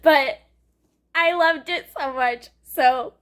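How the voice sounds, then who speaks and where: A woman's voice: sits high, very slow, long pauses, a bit bright. A young woman vlogging casually about a book she is reading, gushing and emotional, laughing often.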